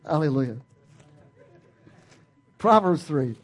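A male pastor preaching with a high, husky voice. He is emphatic and playful, and he keeps calling out to the congregation to answer him back. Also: animated, takes it slowly. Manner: emphatic, call-and-response preaching; folksy and playful. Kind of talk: sermon.

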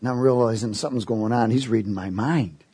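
Guy preaching, kinda husky, dry close sound, tells a story and does the voices. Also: mid-range voice, a little fast, dark tone, no echo. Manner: storytelling, quoting voices in his tale. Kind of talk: sermon with personal story.

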